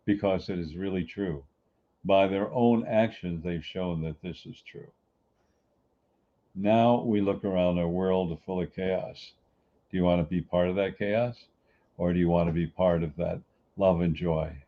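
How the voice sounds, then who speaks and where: A middle-aged man with a very low, deep voice delivers an earnest motivational talk. He preaches and repeats his points. The recording sounds dull and lo-fi. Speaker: podcast host.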